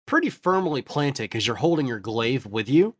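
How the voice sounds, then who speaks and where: A man narrating as game master of a tabletop game, lively and quick to laugh. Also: medium pitch.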